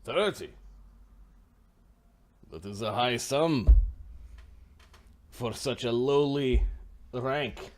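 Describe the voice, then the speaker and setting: A man putting on a shrewd Russian-style bookie. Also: mid-range voice. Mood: menacing. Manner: slow, menacing, broken grammar.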